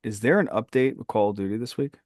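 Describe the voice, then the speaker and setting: A man's voice: fairly low pitch, fast, a little mellow, dry recording, studio quality. A man co-hosting a casual fantasy football podcast, bantering playfully and cracking jokes. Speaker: podcast co-host.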